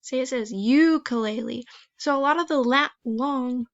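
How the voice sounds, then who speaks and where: Encouraging woman teacher with a gravelly edge. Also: sits high, unhurried, no echo. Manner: gentle, encouraging, talks students through each step. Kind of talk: recorded online lesson walkthrough. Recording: dry, slightly dull screen recording.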